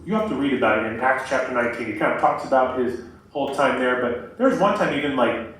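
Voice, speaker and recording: Conversational young preacher in an echoey hall. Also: male voice, medium pitch, expressive, fast, a bit bright. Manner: conversational, many fillers like "like" and "um". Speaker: campus ministry speaker. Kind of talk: casual sermon. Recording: echoey room from a distance.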